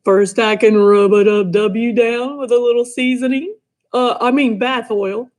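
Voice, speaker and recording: A woman's voice: a little high, fairly even intonation, moderate pace, a little mellow, natural voice. A woman voicing a sly, hungry male wolf who sweet-talks with an oily, menacing manner in a storybook reading. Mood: scheming.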